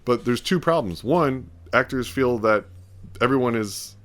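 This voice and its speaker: A man's voice: mid-range voice, expressive, unhurried, a bit bright. A man hosting a podcast, talking in a casual, rambling way and acting out bits of quoted dialogue. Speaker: podcast host. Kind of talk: casual talk.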